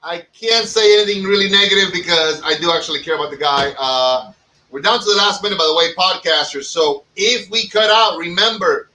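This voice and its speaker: A man's voice: high voice, brisk, sharp tone, far from the mic, poor audio. A man hosting a casual podcast, chatting and joking while he plugs promotions, with lots of filler words. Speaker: podcast host and cigar shop owner.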